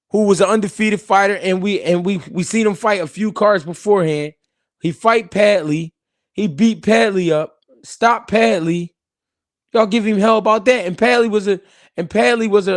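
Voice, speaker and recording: A man's voice: high voice, no echo, clean studio sound. A man hosting a live-stream boxing talk show, arguing heatedly and talking to his chat. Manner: heated, animated, talks to chat. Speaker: host.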